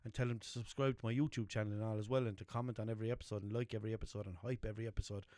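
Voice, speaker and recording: A man's voice: fairly low pitch, flat delivery, very fast, a little mellow, no room sound, clean studio sound. A man with a Limerick Irish accent, hosting a podcast in a loose, rambling, chatty way. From Limerick, Ireland. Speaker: podcast host. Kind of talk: casual unscripted chat.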